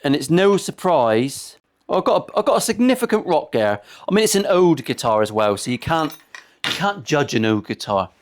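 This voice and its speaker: Very animated and on the high side, this man talks at a moderate pace. He's a luthier in his forties, casually working on a guitar in his workshop while rambling through crude banter and frequent cursing.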